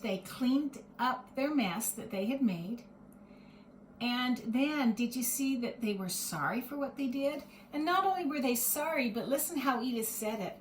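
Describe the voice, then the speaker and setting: A woman reading a picture book aloud to children, pausing gently to explain and ask questions. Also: fairly high pitch, roomy sound, a little hiss or hum. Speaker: storyteller.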